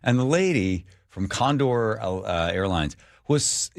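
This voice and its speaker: Wry deep-voiced radio host. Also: male voice, slow pace, vocal fry, dry recording, studio quality. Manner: wry, joking, animated storyteller. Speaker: radio talk show host. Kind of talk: casual radio chat. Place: radio studio.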